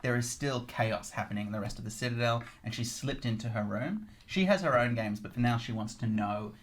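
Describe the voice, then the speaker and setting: A man narrating a tabletop game as game master, in quick, lively narration. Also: medium pitch.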